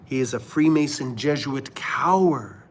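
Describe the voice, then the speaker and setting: A Canadian man hosts a livestream and preaches in a plain mid-range voice. He swings between fervent declarations and low murmurs. A faint hum of noise sits behind him. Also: measured pace. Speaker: livestream host. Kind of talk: religious livestream commentary.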